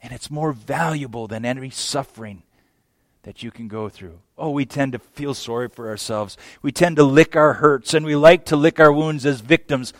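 A man preaching a sermon as pastor, emphatic, swinging from hushed phrases to loud exclamations. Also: medium pitch, moderate pace, dry recording.

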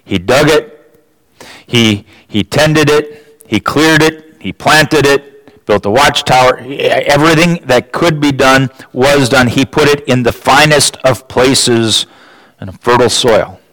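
A man delivering a sermon at a slow, deliberate pace. His voice sits at a middling pitch and leaps upward when he stresses a point. The sound is dry and close, with no room echo. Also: a bit bright. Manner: dramatic rises in pitch for emphasis, frequent restarts. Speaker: preacher.

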